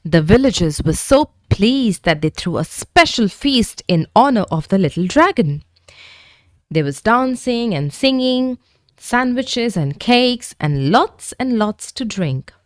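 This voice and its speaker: A woman reads a bedtime story aloud, gentle and expressive. Her pitch rises and falls freely while her pace stays slow and unhurried. The recording is close and dry. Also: no echo.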